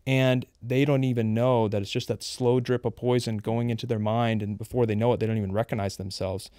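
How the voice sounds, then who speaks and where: Guy in his 30s sharing his story, earnest and open, mellow low-key tone, dry close mic. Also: level tone, a little fast, no echo. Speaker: guest. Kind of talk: candid personal testimony.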